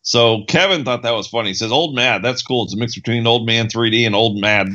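A man's voice: medium pitch, brisk, pushed and bright, lo-fi sound. A man in his thirties co-hosting a podcast, chatting casually and retelling little stories in an easygoing way. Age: 30s. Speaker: podcast co-host.

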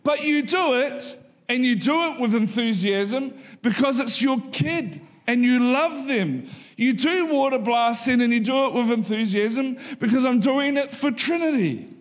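A man's voice: very high-pitched, a little slow, few pauses. A man, loose and chatty, with humour and punchy repeated lines. His voice rings out through a church auditorium with a long reverb tail from the hall. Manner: conversational and joking, with repeated punchlines. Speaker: pastor. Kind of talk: sermon.

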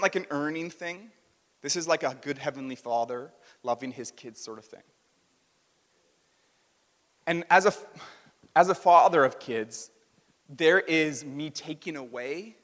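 A man's voice: mid-range voice, fairly bright tone. A man in his thirties preaching a sermon as a pastor, conversational and self-deprecating, with quoted asides. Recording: music under a long hall reverb.

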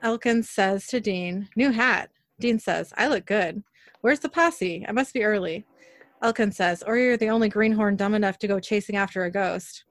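A podcast host gives a casual recap of a TV episode, briskly narrating it scene by scene and reading the characters' lines aloud in nearly her own voice. She speaks at a middle pitch, and the recording is close and dry with little room sound.

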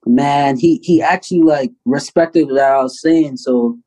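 A man in his thirties from Canada, a guest telling a personal story in a casual interview with lively, animated delivery. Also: medium pitch, unhurried, rough recording. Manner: animated storyteller, acts out quoted voices loudly. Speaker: guest, basketball player.

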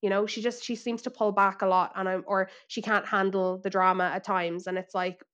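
An Irish woman co-hosting a podcast in casual chat, telling animated stories and putting on exaggerated impressions. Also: medium pitch, fairly quick. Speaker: podcast co-host.

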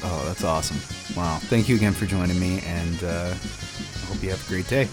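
A man's voice: sits low, steady tone, normal speed, over music. A young man hosting a podcast, chatting casually and laid-back, with plenty of "uh" fillers. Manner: laid-back, many "uh" fillers, laughs easily. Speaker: podcast host.

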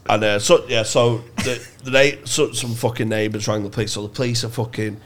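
A man's voice: fairly low pitch, steady tone, brisk. A man telling a crude, swear-heavy anecdote as a podcast guest in casual chat.

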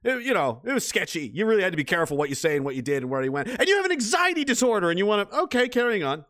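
A man giving sarcastic reaction commentary, ranting profanely in the persona of a gruff spy-agency boss, rambling with many restarts. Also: high-pitched, very animated, racing, fairly bright tone. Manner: rambling with frequent restarts and fillers.

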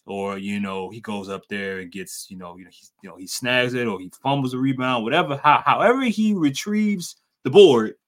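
A man co-hosting a casual podcast, talking sports and accents and getting animated when he teases his co-host. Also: moderate pace, hardly any pauses. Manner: animated, jumps high in pitch when teasing. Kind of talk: casual sports and culture chat.

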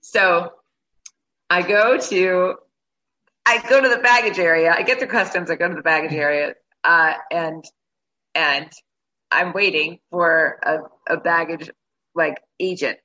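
A woman, a guest on a show, telling a travel story in a casual, animated way and acting out her own reactions. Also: on the low side, a little slow, highs cut off.

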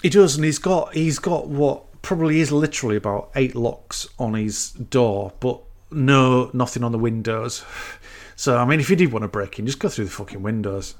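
Casual male co-host, middle pitch, loose rambling retelling with put-on character lines. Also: moderate pace. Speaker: podcast co-host. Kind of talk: casual film recap chat.

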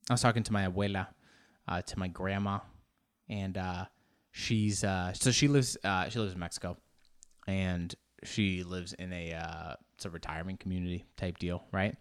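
Smooth-voiced young man rambling loosely. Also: deep voice. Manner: loose, joking, swears, restarts often. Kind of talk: casual rambling monologue.

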